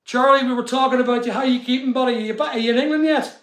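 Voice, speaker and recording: Man, high-pitched, chatty live streamer, greets viewers by name, echoey unfinished room. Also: fairly even intonation, very fast, a bit bright. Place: studio room being built.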